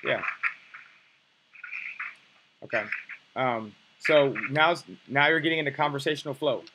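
A man's voice: medium pitch, a little slow, noisy background. A man coaching on dating, teaching in a blunt, profane, emphatic way. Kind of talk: coaching lesson.

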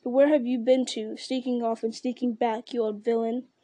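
A blunt, stubborn and loyal male servant, as a woman reads him, homely and protective with a gruff edge. His voice comes in a touch lower and softer than the narration, mellow and warm in tone. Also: level tone, moderate pace, natural voice. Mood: rough. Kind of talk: audiobook reading.

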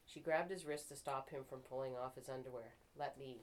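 A writing group member with a medium-pitched voice reads their own fiction aloud fairly quickly, with fairly even intonation. They read steadily but stop now and then to fix slips and apologize, and the recording quality is low.

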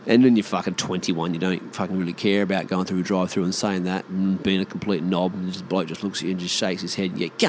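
A man's voice: deep voice, fairly even intonation, quick pace, hardly any pauses, slight background noise. A man in his thirties with an Australian accent, rambling casually on his own and swearing freely. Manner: swears freely, mimics mates in exaggerated voices. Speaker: vlogger.

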